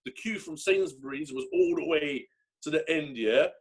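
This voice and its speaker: A man, telling stories in a lively, swearing casual chat. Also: a little high, husky. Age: 30s. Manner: fast, lively storytelling with swearing. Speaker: podcast host.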